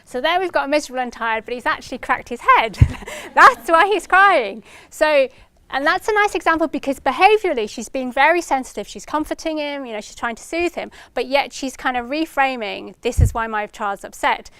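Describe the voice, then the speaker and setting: A woman's voice: high-pitched, lively intonation, brisk, sharp tone. A woman giving a research talk to practitioners, explaining with examples and acting out parents' words. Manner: explanatory, gives examples and acts out parents' lines in a lifted voice. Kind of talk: lecture to practitioners.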